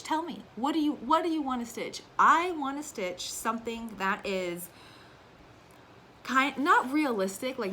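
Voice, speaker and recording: A woman's voice: medium pitch, pushed and bright, a little hiss or hum. A woman in her thirties from the United States, chatting casually and animatedly about her sewing projects and laughing at herself. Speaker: crafting vlogger. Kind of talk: casual chat.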